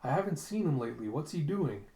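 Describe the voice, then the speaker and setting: A man's voice: fairly high pitch, big pitch swings, fast talker, dark tone. A man voicing a friendly, curious young man who talks in a casual, chummy way, recorded in a roomy space. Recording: roomy echo.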